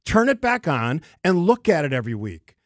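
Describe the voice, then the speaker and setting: A man's voice: a little high, sing-song, moderate pace, no room sound, clean studio sound. A man hosting a talk radio show, speaking emphatically and with exasperation. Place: radio studio.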